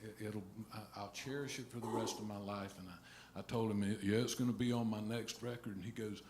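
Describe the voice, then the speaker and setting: A middle-aged man telling a halting, rambling story between songs at a live concert, restarting his sentences often. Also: fairly low pitch, fairly even intonation, darkish tone, slight background noise. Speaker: singer-songwriter on stage. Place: music venue stage. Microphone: stage vocal mic. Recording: roomy live venue sound.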